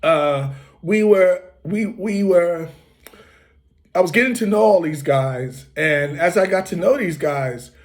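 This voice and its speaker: A man from the United States hosting, telling a relaxed, rambling story full of fillers and restarts, with occasional coughs. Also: high-pitched, slow pace. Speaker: host. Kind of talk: casual storytelling.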